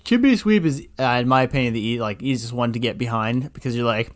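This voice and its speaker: A man's voice: mid-range voice, quick pace. A young man co-hosting a podcast, chatting casually and playfully, often slipping into silly acted-out voices. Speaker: podcast co-host. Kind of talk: casual chat.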